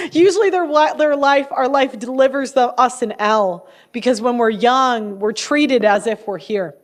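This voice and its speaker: Speaking a little slowly in a high voice, a young adult woman hosts her own show with blunt, opinionated, casual commentary. She laughs a lot and often restarts her sentences.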